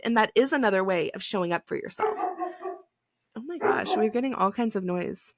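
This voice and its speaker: A woman's voice: medium pitch, sing-song, moderate pace. A woman in her thirties hosting a solo podcast, talking in a chatty, effusive way, full of "like" fillers and emphatic bursts. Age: 30s. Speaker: podcast host. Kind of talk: casual solo podcast talk.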